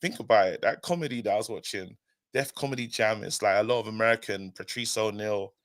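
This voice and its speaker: A man's voice: on the low side, quick pace, no echo, studio quality. A man co-hosting a fan livestream, talking in a laid-back, slangy, conversational way. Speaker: regular co-host on fan channel. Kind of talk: casual live-stream chat.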